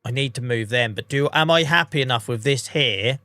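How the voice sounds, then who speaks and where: Chatty English streamer with a cold. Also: male voice, medium pitch, brisk, sharp tone, dry recording, faint music behind. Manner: chatty, rambling, self-mocking. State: under the weather, coughing. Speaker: livestreamer. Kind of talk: casual gameplay commentary.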